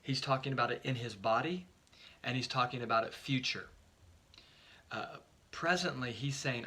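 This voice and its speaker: A man delivering a brief devotional as a pastor, his voice bright and edged, pitched in an ordinary middle range. He speaks earnestly and with emphasis, often repeating a word or two as he launches into a thought. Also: moderate pace, pauses often. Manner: earnest, emphatic, repeats words when starting phrases. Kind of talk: short devotional sermon.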